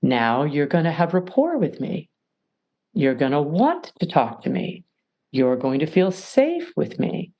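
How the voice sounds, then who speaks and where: A woman's voice: sits low, big pitch swings, measured pace, warm tone. A middle-aged woman, a mediator and podcast guest, giving emphatic advice and acting out little scenes as she explains. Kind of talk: animated advice talk.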